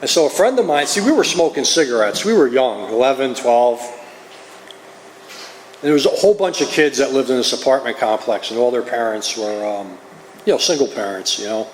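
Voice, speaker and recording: A man's voice: mid-range voice, animated, a little fast, slight background noise. New Jersey man confessing in a hall. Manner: earnest, confessional storytelling. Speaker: recovery meeting speaker. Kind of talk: personal testimony. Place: meeting hall. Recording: roomy hall, faint ambience.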